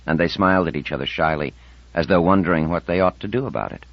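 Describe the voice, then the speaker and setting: Male audiobook narrator, very deep, measured, dry dull recording. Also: lively intonation, gravelly, dry recording. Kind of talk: scripted narration.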